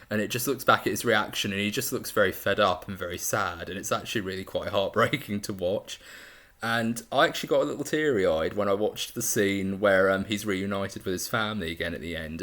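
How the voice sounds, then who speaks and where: A man reviews a film in a loose, chatty way, gushing about the scenes he loves. His voice sits fairly low. He often trips over his words and starts sentences again. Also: fairly bright tone. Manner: enthusiastic and rambling, with frequent restarts. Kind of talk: casual video review.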